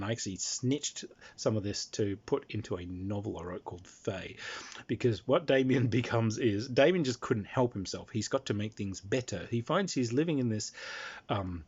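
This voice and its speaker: Man as storyteller, husky, lively and rambling, lo-fi recording. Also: medium pitch. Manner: animated, chuckling, many ums. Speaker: game master telling an anecdote. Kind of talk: casual storytelling. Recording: dull lo-fi recording.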